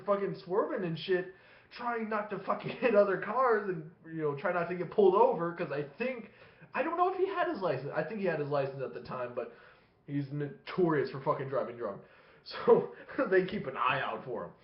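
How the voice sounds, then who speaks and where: A very animated man with a fairly high voice tells a long, profane story to his webcam at a fairly quick clip, casually rambling and laughing between phrases. He's a vlogger, and the recording is dull and lo-fi in an echoey room.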